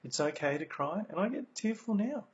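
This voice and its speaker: A man's voice: high voice, big pitch swings, normal speed. An Australian man giving a motivational talk about lessons from his recovery, earnest, repeating key phrases, with many ums. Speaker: speaker sharing recovery lessons. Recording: dull lo-fi recording.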